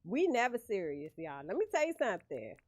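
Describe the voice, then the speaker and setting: A woman's voice: mid-range voice, very animated, fairly quick, a little mellow, no echo, studio quality. A woman streaming a game, chatting casually with viewers and laughing often. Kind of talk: casual livestream chat while gaming.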